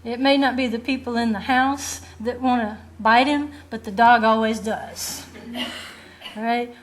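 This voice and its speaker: A woman's voice: fairly high pitch, unhurried. A woman Bible teacher preaching a sermon in an earnest, direct way, asking rhetorical questions and acting out quoted lines. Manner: acts out quoted voices of children and rebels.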